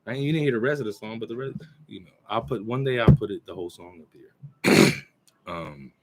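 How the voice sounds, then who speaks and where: A man in his forties talking casually to a computer mic, rambling with restarts and clearing his throat. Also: on the low side, animated, a little hiss or hum. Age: 40s. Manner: recites his own verses in a slow, measured cadence. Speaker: channel host. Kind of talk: casual talk to camera.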